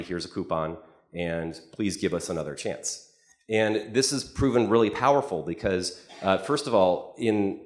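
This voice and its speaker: A man presents at a conference in a low, grounded voice. He tells his stories in a loose, conversational way, often restarting and repeating words. The sound carries a noticeable echo from a large hall. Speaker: conference speaker. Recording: echoey hall.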